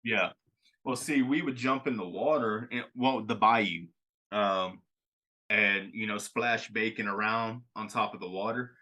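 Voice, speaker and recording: Bright-voiced Cajun-accented young man. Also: on the low side, a little slow. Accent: Louisiana Cajun. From Louisiana. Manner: rambling storyteller, laughs often. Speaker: podcast host. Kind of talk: casual chat.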